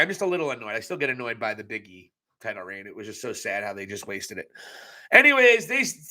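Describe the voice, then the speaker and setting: Brief: young man, bright cutting tone, fairly high voice, blunt and crude wrestling-recap host, live casual chat. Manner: blunt, profane, joking asides. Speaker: wrestling show reviewer.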